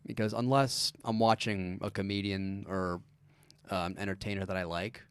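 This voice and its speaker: Male comedian guest, deliberate and dry delivery, smooth, resonant tone. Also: deep voice, level tone, no echo. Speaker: podcast guest, stand-up comedian. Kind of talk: casual chat.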